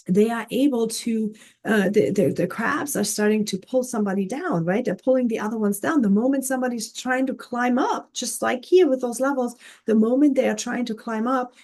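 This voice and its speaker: A woman's voice: a little high, darkish tone. A woman life coach teaching in an earnest, casual way, often checking in with "okay?" and "right?". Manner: earnest, repeats words, frequent "okay?" and "right?".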